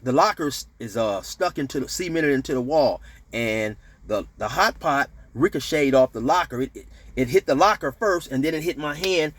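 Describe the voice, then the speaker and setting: A man casually telling a prison story to camera, animated, with slang and shouted sound effects. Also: on the high side. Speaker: storyteller recounting prison life.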